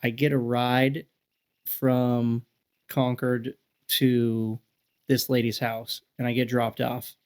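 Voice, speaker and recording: A man's voice: flat delivery, slow, smooth. A man in his thirties, a podcast guest, telling stories in a rambling, casual way full of fillers and acted-out quotes. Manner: rambling, filler-heavy, acts out quoted people in high voices. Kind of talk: casual storytelling chat.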